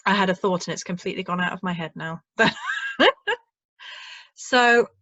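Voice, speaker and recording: A woman's voice: fairly low pitch, normal speed, fairly bright tone, dry recording, lo-fi sound. A woman, hosting a casual video chat and laughing often. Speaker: host.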